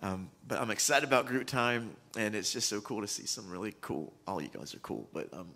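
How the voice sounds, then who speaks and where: A man's voice: on the low side, brisk, bright, forceful tone. A man, a youth pastor speaking casually and emotionally to a church youth group, with many ums and restarts.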